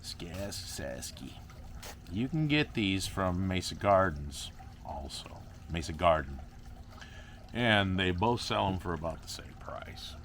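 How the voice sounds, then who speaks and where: Goofy rambling man, lively pitch. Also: unhurried, slight background noise. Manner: rambling, goofy, talks to himself and viewers. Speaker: plant grower vlogger. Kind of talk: casual vlog while repotting plants.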